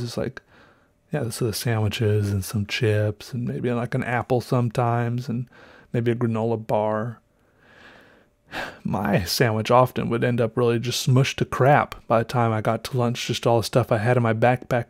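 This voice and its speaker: A man's voice: mid-range voice, darkish tone. Man, podcast host, casual rambling story, slightly breathless, lots of fillers. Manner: rambling, self-correcting, trails off with fillers.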